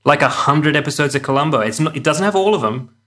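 A man co-hosting a casual podcast chat, rambling and animated, swearing offhandedly. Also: on the high side, fast talker. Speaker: podcast co-host.

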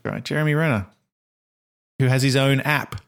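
A man's voice: mid-range voice, moderate pace, gravelly. A man co-hosting a podcast, rambling and cutting himself off as he chats. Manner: rambling, self-interrupting, laughs often. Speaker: podcast co-host. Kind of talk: casual chat.

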